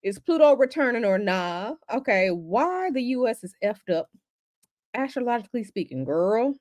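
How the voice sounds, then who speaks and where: A woman's voice: a little high, very animated, moderate pace, a little mellow, no echo. Chatty woman streaming live, dry sound. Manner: chatty, talks straight to the live chat. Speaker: astrology and tarot livestream host. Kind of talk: casual livestream chat.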